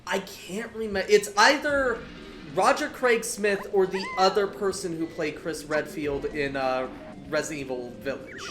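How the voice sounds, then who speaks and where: Enthusiastic bright voice in a roomy echo. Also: medium pitch, normal speed, faint music behind. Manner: enthusiastic, opinionated. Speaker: let's play commentator. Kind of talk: casual group game commentary.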